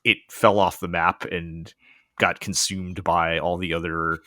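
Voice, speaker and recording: A man hosts a casual podcast conversation, tossing in wry asides and quick laughs. His voice sits low but bright and forceful. The mic is close and dry. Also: little pitch movement, dry recording. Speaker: podcast host. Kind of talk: casual chat.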